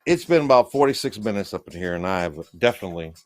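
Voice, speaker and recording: A man's voice: lowish voice, animated, fast talker, a little mellow, faint music behind. A man from the United States hosting a loose, rambling, folksy livestream monologue while drinking beer. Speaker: livestream host.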